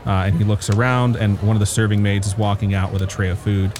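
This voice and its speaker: A man narrating a tabletop game as game master, describing scenes in a relaxed way with frequent fillers. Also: lowish voice, quick pace, background noise.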